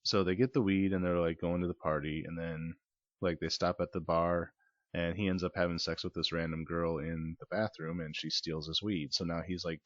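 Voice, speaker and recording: A man casually retelling a movie's plot, rambling with lots of fillers and quick acted-out quotes. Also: deep voice, dry recording, highs cut off. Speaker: podcast movie reviewer.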